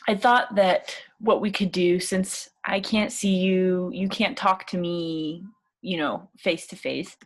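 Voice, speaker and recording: A young woman teaching a casual English speaking lesson, chatty and encouraging, with plenty of fillers. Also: on the low side.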